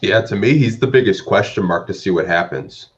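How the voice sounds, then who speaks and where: A man with a lowish voice talking basketball on a casual podcast, easygoing and thoughtful. The audio sounds dull and lo-fi. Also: brisk. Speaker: podcast co-host. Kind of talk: casual sports talk.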